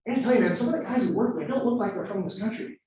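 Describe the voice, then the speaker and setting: Guy putting on a sly menacing prosecutor, high-ish voice, super echoey and far off. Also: very fast, mellow, natural voice. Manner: sly, casually threatening. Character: menacing male federal prosecutor leaning on a defendant. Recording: echoey room from far off, dull sound.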